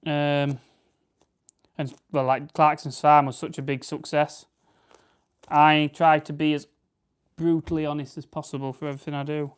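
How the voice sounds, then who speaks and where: A man's voice: a little high, little pitch movement, normal speed, pauses often, clear, resonant tone. A man from Barnsley with a Yorkshire accent, chatting casually on a livestream while preparing game birds, rambling and correcting himself as he answers viewers. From Barnsley, England. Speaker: farming channel host.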